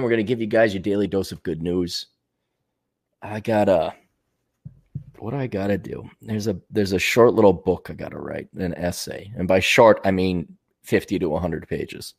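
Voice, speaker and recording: Animated rambling male host. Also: medium pitch. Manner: animated, digressive, laughs often, swears. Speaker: show host. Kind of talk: casual rambling monologue.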